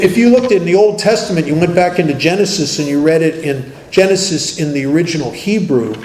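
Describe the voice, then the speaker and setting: A man's voice: fairly high pitch, a little mellow. Wry man speaking in a roomy hall. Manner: wry, joking, conversational storytelling. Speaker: recovery workshop speaker. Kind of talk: twelve-step workshop talk. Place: meeting hall. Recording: roomy hall with faint noise.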